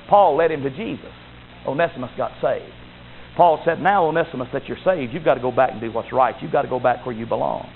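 A high-voiced man preaches with a very lively, swooping pitch, rising to loud exclamations and dropping to low asides. The sound is thin and phone-like, with a faint hiss behind it. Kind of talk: sermon.

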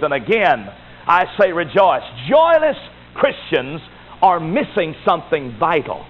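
A man's voice: sits high, very animated, normal speed. A man preaching a sermon as a Baptist pastor, emphatic and repetitive, building to rising exhortations. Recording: tinny phone-like recording with faint hiss.

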